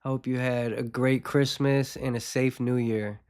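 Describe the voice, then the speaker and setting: A man of middle pitch speaks with a congested, nasal tone left over from a recent cold. He hosts his own show and talks in a candid, unhurried way, dropping soft rueful laughs between his thoughts. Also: fairly even intonation, smooth, no echo, clean studio sound. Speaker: podcast host. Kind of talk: reflective personal talk on addiction recovery.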